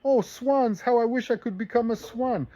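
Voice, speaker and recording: A man's voice: extremely high pitch, normal speed, dark tone, highs cut off, pitched above the performer's own voice. A man voicing a wistful, romantic young noblewoman in a told joke, with sighing, sing-song lines. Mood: dreamy.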